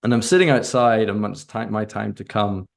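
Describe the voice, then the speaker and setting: A man with a low voice and a deep gravelly rasp. He is a podcast guest telling a reflective personal story. He talks haltingly, with many restarts and fillers.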